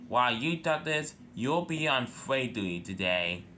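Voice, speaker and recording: A man's voice: medium pitch, big pitch swings, unhurried, sharp tone, a little hiss or hum. A man doing a bossy railway boss. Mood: instructing. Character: bossy male railway boss in a top hat.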